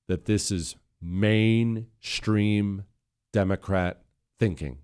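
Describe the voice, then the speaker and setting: A man with a low voice hosts a radio talk show, speaking into a studio microphone. His political commentary is impassioned and builds to heated emphasis. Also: a little mellow, clear, resonant tone.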